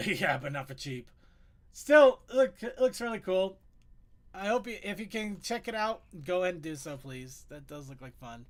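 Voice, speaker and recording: A man hosting a casual online chat show, excitable and quick to laugh. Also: high voice. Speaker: podcast host.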